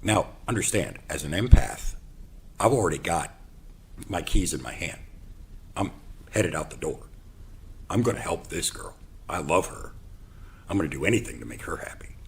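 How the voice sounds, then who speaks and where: A man hosting his own show, telling a personal story in an animated way and acting out the dialogue. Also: low voice, moderate pace, gravelly, long pauses, breathy edge. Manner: animated, acts out quoted dialogue. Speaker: podcast host.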